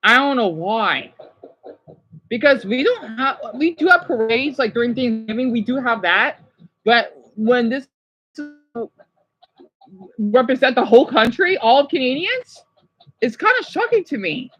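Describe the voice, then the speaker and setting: An excitable woman from the United States hosting a casual livestream, gushing as she reacts and often apologizing. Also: a little high, unhurried, pauses often, dull audio. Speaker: livestream host.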